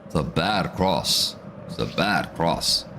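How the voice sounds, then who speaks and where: A man doing live football reaction commentary as a watch-along streamer, excitable and ranting, often repeating himself. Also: very deep voice, slow, noisy background.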